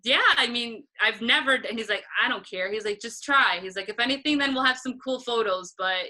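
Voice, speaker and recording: A young woman tells a long story in a casual interview, bright and forceful in tone with a fairly high voice. She slips into quoted voices of the people in the story and laughs often. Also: brisk, poor audio. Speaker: interview guest, concert photographer.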